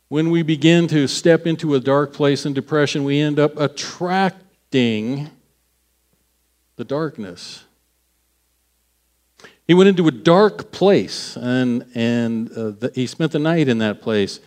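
A man's voice: on the high side, takes it slowly, pauses often, darkish tone. A man preaching a sermon, retelling a scripture story with acted-out voices, restarting phrases and laughing at himself.

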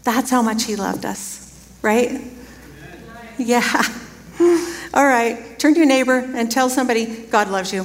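Woman preacher, fairly high voice, chatty storytelling sermon, long hall reverb. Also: measured pace, long pauses, a little hiss or hum. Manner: chatty and laughing, storytelling with quoted dialogue.

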